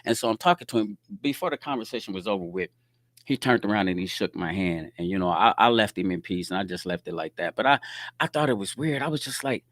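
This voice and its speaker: A middle-aged man hosting a show, telling a street story in a casual, slangy rant that swings from low muttering to loud laughing outbursts. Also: lively intonation, quick pace, no room sound. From Quad Cities, US Midwest.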